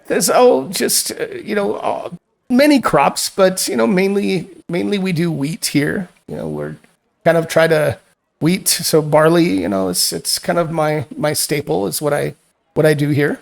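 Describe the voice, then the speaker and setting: A friendly rustic farmer chats over a drink, as a man plays him, rambling and searching for words. The voice sits a bit high with a gravelly texture. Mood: folksy. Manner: rambling, folksy, halting.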